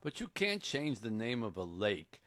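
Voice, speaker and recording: A man hosting a comedy radio interview, asking brisk questions and playing it straight. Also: on the low side, very animated, fairly bright tone, dry recording, studio quality. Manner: plays it straight, brisk questions, laughs along. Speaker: radio show host.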